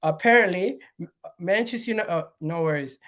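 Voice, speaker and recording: A football channel host with a high, slightly fast and fairly bright voice chats with viewers on a casual live stream. He sounds nasal from a cold and rambles, talking straight to his audience.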